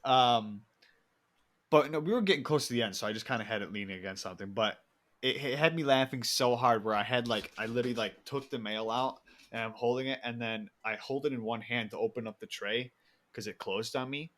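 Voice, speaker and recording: A man's voice: medium pitch, brisk, fairly bright tone. A young man co-hosting a podcast, telling rambling stories in casual chat, laughing often and swearing freely. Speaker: podcast co-host.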